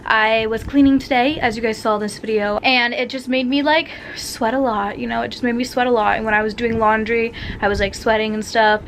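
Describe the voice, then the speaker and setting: A woman's voice: fairly high pitch, steady tone, a little fast, few pauses, slight background noise. A young woman chatting casually to her camera at home, filling her talk with "like" and "literally". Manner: chatty, heavy use of "like" and "literally". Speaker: vlogger. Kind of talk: casual vlog chat. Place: home, bedroom and bathroom.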